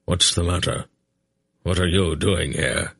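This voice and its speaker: A man's voice: low-pitched, steady tone, unhurried, creaky, fairly bright tone, husky, heavily acted. A man voicing a cold, contemptuous old grandfather figure who speaks curtly in an audiobook. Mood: startled. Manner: curt, contemptuous.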